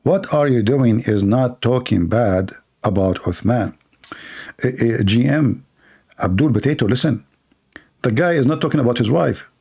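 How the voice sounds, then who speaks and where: A man's voice: medium pitch, normal speed, gravelly, warm tone, slightly rough. A man giving mocking live-stream commentary while reading viewer comments aloud, sarcastic and teasing. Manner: sarcastic, teasing, laughs at his own jokes.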